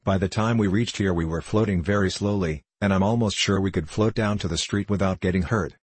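A man's voice: low voice, a little fast, husky, no echo. Dorothy, a brave young girl, read by a man. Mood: earnest.

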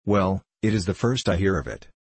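A man's voice: deep voice, big pitch swings, fairly quick, a little mellow, slightly rough, dry recording, exaggerated voice. A man reading the part of a bold young forester who speaks bluntly and boastfully in archaic words.

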